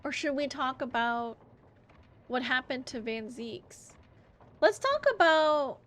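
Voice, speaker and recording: A woman's voice: on the high side, fairly bright tone. A woman game streamer chatting casually and musing aloud while she plays, giggling often.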